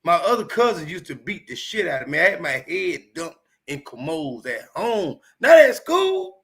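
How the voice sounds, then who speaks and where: A man in his fifties from Chicago, telling his life story on a podcast in an animated, profane, emphatic way. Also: a little high, moderate pace. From Chicago, United States. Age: 50s. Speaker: comedian guest. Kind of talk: candid storytelling.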